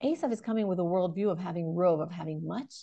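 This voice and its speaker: Thirties woman doing a torah class, gravelly-ish, dry sound, lots of you know and restarts. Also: on the low side, fast talker, dry recording, highs cut off. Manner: animated, questioning, many fillers and restarts. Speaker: Torah teacher. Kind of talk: online Torah lesson.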